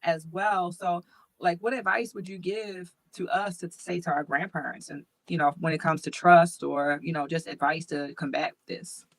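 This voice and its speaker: A woman's voice: on the low side, fairly even intonation, moderate pace, creaky. A woman hosting a podcast, asking her guest questions in a chatty way full of fillers. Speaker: podcast host. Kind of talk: casual interview chat.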